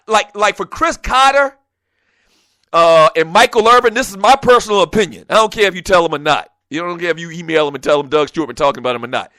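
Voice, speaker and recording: A man hosting a sports talk show in a studio, delivering a passionate, animated monologue that often escalates into shouting. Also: high voice, no echo. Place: radio studio.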